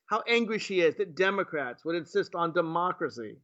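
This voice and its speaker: A man's voice: high voice, animated, fairly quick, hardly any pauses, fairly bright tone. A man, a state delegate, giving mocking commentary on clips he plays, full of rhetorical questions. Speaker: state delegate hosting a livestream. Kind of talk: sarcastic commentary on played clips. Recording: dull lo-fi stream audio.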